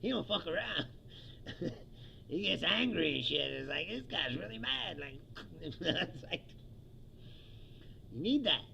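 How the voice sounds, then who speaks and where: A man's voice: fairly high pitch, big pitch swings, slow, creaky, long pauses, sharp tone, lo-fi sound, slight background noise. A man from the United States hosting his own comedy show, ranting angrily and profanely about the news and laughing often.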